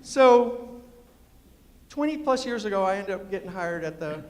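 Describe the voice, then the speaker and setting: Animated storytelling man in a reverberant hall. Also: measured pace. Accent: New York with West Virginia influence. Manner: animated, acts out quoted voices with big pitch jumps. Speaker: storyteller and humorist giving a talk. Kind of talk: comic storytelling speech. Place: large lecture hall with audience.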